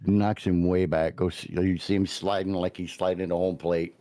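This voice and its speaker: A man's voice: low voice, flat delivery, moderate pace, warm tone, no echo, studio quality. A man co-hosting a podcast, casually and enthusiastically recapping scenes, swearing now and then. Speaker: podcast co-host. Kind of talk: casual chat recapping a show.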